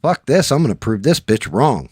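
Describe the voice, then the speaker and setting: A man hosting a casual chat show, telling stories in a profane, animated way that rises when he gets riled up, recorded in a home studio. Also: mid-range voice, normal speed, slightly rough, dry recording. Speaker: podcast host.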